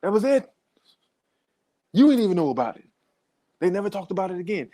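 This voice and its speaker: A man's voice: high voice, sing-song, brisk, dark tone. Profane, heated male podcast ranter. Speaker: podcast host. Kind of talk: comedic political rant.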